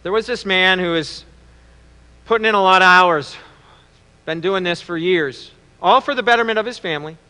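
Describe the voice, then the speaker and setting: A man preaching a Father's Day sermon, telling stories with reflective pauses. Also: high-pitched, sharp tone, clear, resonant tone. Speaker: pastor. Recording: long reverb in a large hall.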